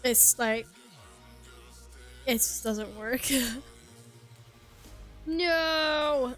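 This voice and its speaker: A young woman with a slightly high voice chats breezily with her viewers while she plays a game. She teases herself, laughs easily and swears in passing. Soft game music hums quietly underneath. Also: moderate pace. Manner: chatty, playful and self-mocking, laughs and swears casually. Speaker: streamer. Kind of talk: casual live-stream chat while gaming.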